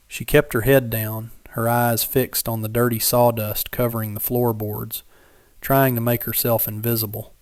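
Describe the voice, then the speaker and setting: A man's voice: medium pitch, dry recording, clean studio sound. Man narrating a dramatic frontier tale. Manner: measured, dramatic storytelling. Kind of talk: scripted story narration.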